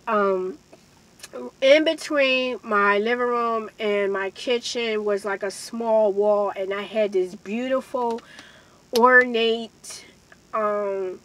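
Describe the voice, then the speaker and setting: A woman's voice: medium pitch, pushed and bright, rough recording. A woman vlogger earnestly telling a personal story to her viewers, speaking emphatically and addressing them directly. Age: adult with a child. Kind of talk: emotional storytime monologue.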